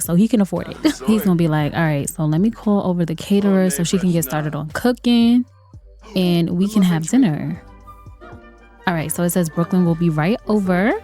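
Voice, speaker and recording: A woman's voice: on the low side, darkish tone. A woman giving playful, chatty commentary over a life-sim game, laughing often. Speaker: let's play host. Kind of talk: gameplay commentary.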